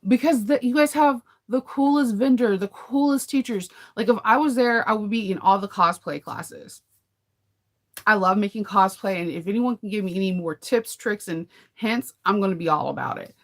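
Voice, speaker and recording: With a medium-pitched voice at normal speed, this woman hosts a sewing channel and chats live with her viewers. Her talk is rambling and chatty, and she laughs a lot.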